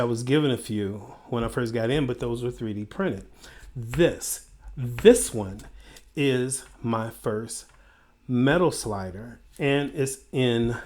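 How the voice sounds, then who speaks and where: A man's voice: medium pitch, darkish tone, slight background noise. A man chatting casually as he unboxes and reviews a fidget toy, rambling with playful asides. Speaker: product reviewer.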